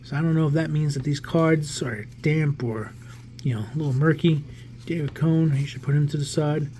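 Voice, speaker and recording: There's slight background noise as a card-collecting vlogger, a New York-area man in his forties, rambles through a pack opening. His voice is a little high and his speed normal, and he thinks out loud in a relaxed way, often restarting.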